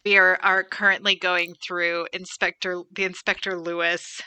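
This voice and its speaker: A woman's voice: fairly low pitch, flat delivery, normal speed, pushed and bright, clean tone, no echo. A woman co-hosting a podcast, chatting casually with lots of "like" fillers. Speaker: podcast co-host. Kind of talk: casual chat.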